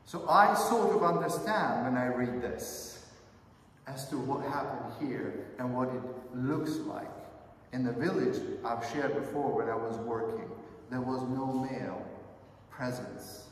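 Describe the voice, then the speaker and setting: A man's voice: mid-range voice, measured pace, slight background noise. A man preaching a sermon as pastor, earnest, putting many questions to the congregation and calling them brothers and sisters. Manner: calls the listeners brothers and sisters. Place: church sanctuary. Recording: echoey hall, mic far off.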